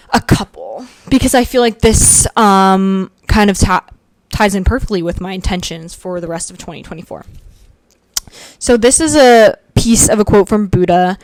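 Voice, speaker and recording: A woman in her twenties talks through personal reflections on her own podcast, recorded in a room at home. Her voice is smooth and clear, in a middle register, and the sound is dry and close to the mic. She rambles casually, thinking aloud with plenty of ums and likes. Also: medium pitch, dry recording. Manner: chatty, reflective, with frequent um and like. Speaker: podcast host.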